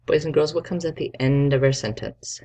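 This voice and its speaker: A man's voice: a little high, steady tone, a little fast, a little mellow. A male teacher giving a spelling lesson to young children, dictating words and patiently sounding out each letter.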